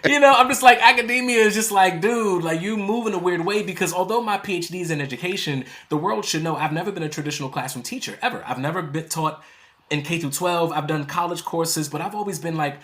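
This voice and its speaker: Animated man telling a story. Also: high-pitched, quick pace. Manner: lively, acts out quotes, laughs often. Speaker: poet and author guest.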